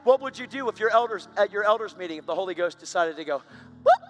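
High, bright-voiced intense male preacher. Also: animated, quick pace, faint music behind. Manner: intense, earnest, emphatic. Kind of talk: live sermon with dramatic storytelling. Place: church service on stage.

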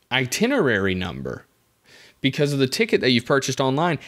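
A man's voice: mid-range voice, sing-song, slow, long pauses, fairly bright tone. A young man hosting a podcast, telling a story in a rambling, wry, self-interrupting way. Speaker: podcast host. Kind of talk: casual comedic storytelling.

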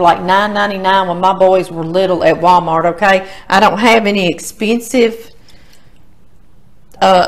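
A middle-aged woman with a Louisiana Southern accent, hosting a casual cooking demonstration in a home kitchen and chatting folksily straight to her viewers. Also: mid-range voice. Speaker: cooking show host.

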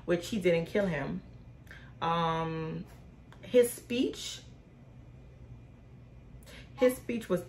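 Her lowish, slightly mellow voice moves extremely slowly with long pauses, and the phone recording has a little hiss or hum. This Haitian/Bahamian vlogger in her twenties answers questions for her viewers, calling them "y'all" and rambling with slang and fillers.

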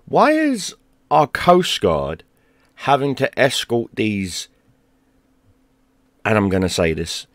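A man ranting in a heated, profane monologue, dropping to a mutter and then bursting out loud. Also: huge pitch swings, slow pace, pauses often, no echo, clean studio sound. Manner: heated and profane, swings between low mutter and loud outbursts. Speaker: gaming YouTuber.

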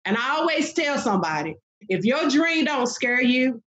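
A woman's voice: sits high, very animated, moderate pace, a bit bright, lo-fi sound. A woman minister speaking as a podcast guest, fervent and emphatic, with many fillers. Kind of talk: preaching-style interview talk.

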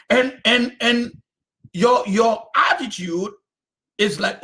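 Male pastor, unhurried sermon delivery with animated intonation and emphatic repetition. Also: extremely high pitch. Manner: emphatic, repeats phrases, sometimes shouts.

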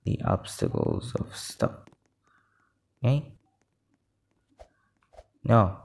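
Slow-talking man ranting over gameplay. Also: lowish voice, vocal fry. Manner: excitable, frustrated, keeps saying "literally". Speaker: gaming video creator. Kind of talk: live gameplay commentary.

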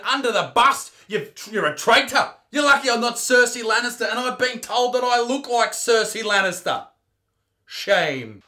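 A man's voice: high-pitched, sharp tone. An Australian man doing a crude, mock-outraged comedy rant, reacting to clips.

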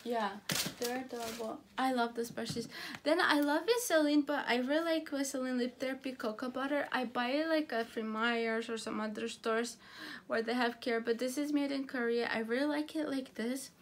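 A woman chatting casually through a beauty product haul, gushing and halting, with frequent restarts. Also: high voice, slight background noise.

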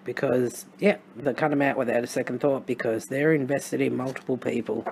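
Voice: medium pitch, moderate pace, gravelly, few pauses, darkish tone, a little hiss or hum. A tarot reader with an Australian accent, talking through a reading in a casual, musing way with wry, sarcastic asides. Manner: thinks aloud with frequent restarts and fillers.

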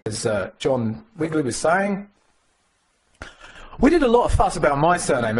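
Animated, joking male tech speaker. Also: a little high, moderate pace, long pauses, a little hiss or hum. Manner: animated, jokey, mimics others in voices. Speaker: conference speaker. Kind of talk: live tech talk with demo. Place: conference room.

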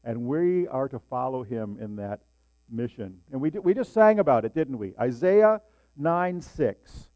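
A man's voice: mid-range voice, animated, unhurried, dry recording. A man in his sixties preaching a sermon, talking conversationally and putting questions to the congregation. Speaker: pastor. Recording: dull lo-fi sound with mains hum.

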